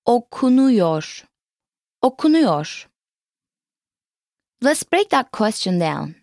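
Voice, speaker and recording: A woman hosting a scripted language lesson, saying each phrase slowly and clearly and repeating it. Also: mid-range voice, dry recording, clean studio sound. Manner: slow, clearly enunciated repetition of phrases.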